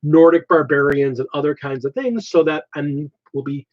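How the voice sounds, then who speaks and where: A man's voice: fairly high pitch, normal speed. A man hosting a casual hobby channel chat, thinking aloud as he explains his plans. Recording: slightly dull lo-fi audio.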